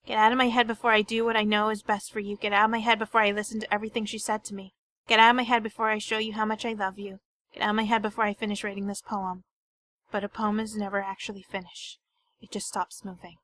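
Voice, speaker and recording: A woman reading out a bleak poem as a sad young girl, in a flat, monotone recitation. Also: medium pitch, fast, lightly acted.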